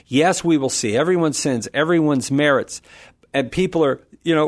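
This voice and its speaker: A man answering callers on a call-in radio show in an animated, preacherly way, quick to laugh. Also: fairly high pitch, no echo, studio quality. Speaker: Catholic apologist radio guest.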